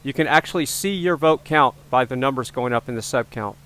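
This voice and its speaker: A man's voice: mid-range voice, fairly quick, fairly bright tone, a little hiss or hum. A man hosting a casual livestream, chatting with viewers and joking at his own expense about his ego. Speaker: livestream host.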